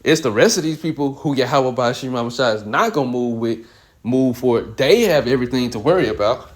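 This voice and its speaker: A man leading a casual Bible study, reading verses at a measured, deliberate pace. Between readings he drops into loose everyday slang to explain what they mean. His voice sits at an ordinary middle pitch. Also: animated. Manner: slow and deliberate when reading scripture. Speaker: Bible teacher. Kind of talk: casual scripture reading and commentary.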